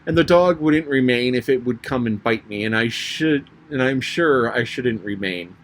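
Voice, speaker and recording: A man's voice: medium pitch, lively intonation, normal speed, slight background noise, lightly acted. A man reading an audiobook and voicing Alice, a polite, earnest, puzzled young girl, in a raised voice.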